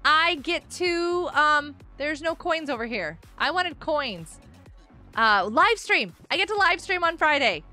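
In an unhurried, high, bright and clear voice that swings all over, a woman chats casually while live-streaming a game. She reads chat messages out loud and erupts in excitable outbursts, and faint music can be heard behind her.

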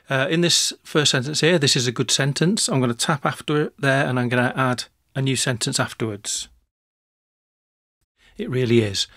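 A man narrating a screencast software tutorial, talking through each step in a relaxed way with small restarts. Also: mid-range voice, no echo, clean studio sound.

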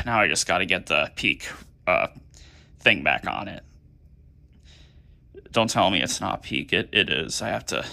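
Creaky, bright-voiced man muttering to himself. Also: deep voice, expressive, a little slow, pauses often. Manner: stammering, rambling, muttering to himself. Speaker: toy recording vlogger. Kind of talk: casual talk to camera.

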